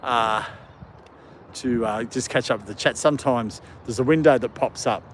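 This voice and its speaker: A man's voice: medium pitch, moderate pace, a little hiss or hum. Chuckling man with an Australian British accent. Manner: rambling and chuckling, talking to chat and dogs. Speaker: live-stream host walking his dogs. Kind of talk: casual live-stream chat. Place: outdoor park. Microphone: phone.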